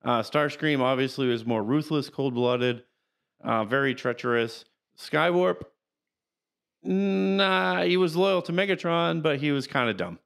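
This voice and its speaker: A man's voice: mid-range voice, a bit bright. Man rambling through cartoon trivia. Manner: rambling, halting, reads character facts aloud. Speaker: podcast co-host. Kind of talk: casual chat.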